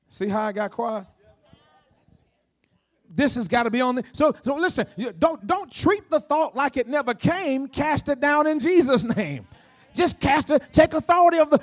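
A man with a very high voice preaching a sermon. He repeats his phrases and calls out praise between points. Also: lively intonation, moderate pace. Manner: preaching with call-outs and repetitions. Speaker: pastor.

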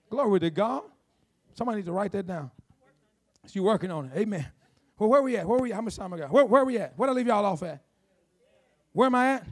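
A man preaching a sermon as pastor, emphatic and repetitive, with call-and-response to the congregation and slow, drawn-out key phrases, in a church. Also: high-pitched, animated. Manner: slows down to draw out key phrases. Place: church sanctuary.

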